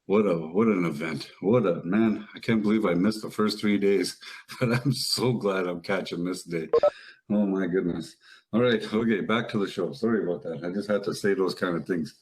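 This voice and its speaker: A man hosting an emotional live online event sounds earnest and effusive, though a little flustered, often restarting his sentences. His voice sits low and a little mellow at a moderate pace, and the audio is poor.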